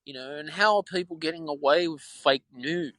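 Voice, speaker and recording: A man's voice: fairly high pitch, moderate pace, fairly bright tone, no room sound, rough recording. An Australian man hosting a podcast alone, rambling in frustration and repeating himself. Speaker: podcast host. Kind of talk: solo opinion talk.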